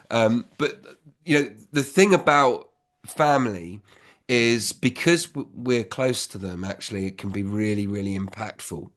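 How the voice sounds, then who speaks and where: A man's voice: medium pitch, normal speed. A man in his fifties, a business school founder giving candid, reflective advice in a casual, conversational way.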